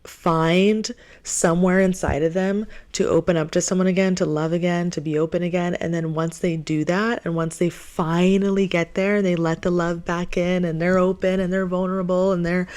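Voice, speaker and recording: A woman talking to her viewers in a heartfelt advice vlog, earnest and animated, repeating phrases for emphasis. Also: fairly low pitch, normal speed. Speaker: relationship advice vlogger.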